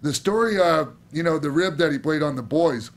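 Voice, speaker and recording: A man's voice: on the high side, fairly quick. A man hosting a podcast, asking loose questions in a casual interview with many restarts. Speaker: podcast host.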